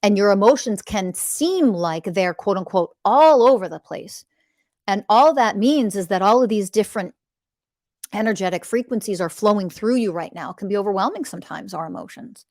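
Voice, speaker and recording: In a dry, studio-quality recording, a woman hosts a spiritual podcast with a blunt, passionate teaching monologue, repeating phrases like mantras and swearing for emphasis. Her mid-range voice is animated and a little mellow, at a normal pace.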